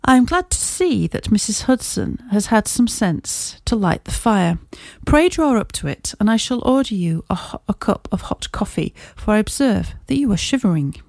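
A woman voicing a confident, observant male detective in a storybook reading, speaking in crisp, measured Victorian phrasing. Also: mid-range voice, very animated, a little mellow, dry recording. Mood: composed.

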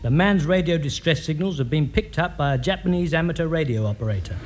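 A man playing a gruff neighbour who reads the paper aloud and mocks the radio ham, in an old comedy broadcast. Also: on the high side, lively intonation, fast talker, a little hiss or hum, close to an everyday voice. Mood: mocking.

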